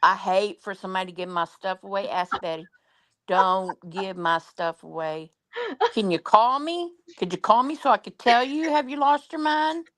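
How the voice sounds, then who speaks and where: A woman's voice: mid-range voice, normal speed, a bit bright. A woman chiming in with blunt, indignant quips during a casual chat.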